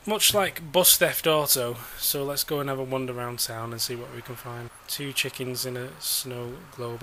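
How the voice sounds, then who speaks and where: A man's voice: medium pitch, steady tone, normal speed, hardly any pauses, pushed and bright, a little hiss or hum. A man giving sarcastic, exasperated commentary while playing a game, swearing now and then. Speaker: gamer.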